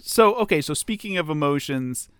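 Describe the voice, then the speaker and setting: A man co-hosting a casual film podcast, asking questions in an animated way with many fillers. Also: fairly high pitch, normal speed, clean tone, no room sound. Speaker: podcast co-host.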